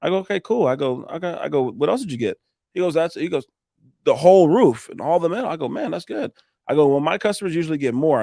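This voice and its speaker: A man rattles off sales stories at high speed, jumping in and out of the voices of himself and his customers. His talk is loose, salty and animated. The recording is dry and close. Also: no room sound. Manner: fast, animated, acts out both sides of conversations, swears casually. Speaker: roofing contractor guest. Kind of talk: casual storytelling interview.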